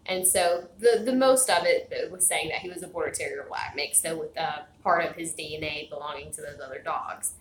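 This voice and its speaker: A woman's voice: low voice, brisk, hardly any pauses, reverberant, a little hiss or hum, low-quality recording. A woman chatting casually to her viewers at home, rambling with lots of fillers and restarts. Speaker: vlogger. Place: home, indoors. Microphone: phone camera.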